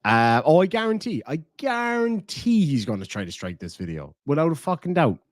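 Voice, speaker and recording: Irish male streamer, crude and mocking, very lively pitch, dry close sound. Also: moderate pace, no room sound. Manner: mocking, profane, laughing. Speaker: commentary streamer. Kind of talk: casual reaction commentary.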